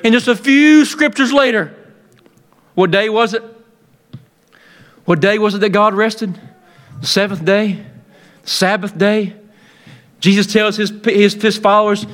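A man delivers a fervent sermon in a very high, piercing voice. His tone is bright and forceful, and he circles back on his own words with repeated restarts. He builds up to shouted lines. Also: moderate pace, pauses often. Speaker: preacher. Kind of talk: impassioned sermon.

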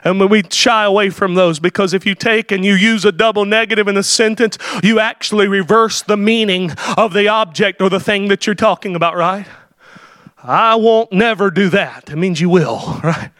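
A man preaching a sermon, building to shouted climaxes with hallelujahs and dropping into quick explanatory asides. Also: high-pitched, fairly even intonation, no echo, studio quality. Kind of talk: Pentecostal-style sermon.

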